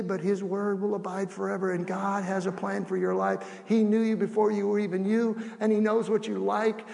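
Middle-aged male pastor, high voice, lively sermon with acted asides, reverberant hall. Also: creaky. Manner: animated preaching with acted asides, shifting between soft and loud. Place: church sanctuary.

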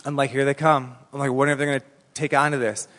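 Animated preacher man in an echoing hall. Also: medium pitch, racing. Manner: animated storytelling, colloquial with many "like"s. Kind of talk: sermon. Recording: long reverb in a large hall.

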